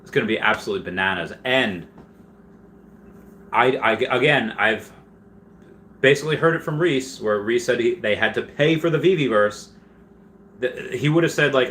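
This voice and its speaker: A man's voice: medium pitch, lively intonation, moderate pace, long pauses, fairly bright tone, a little hiss or hum. A man hosting a casual live stream, reading chat questions aloud and rambling through answers with frequent restarts.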